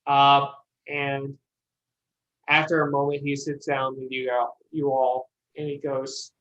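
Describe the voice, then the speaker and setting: A game master narrating a tabletop game in a halting way, with many pauses and restarts. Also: medium pitch, level tone, a bit bright. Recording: dull lo-fi audio.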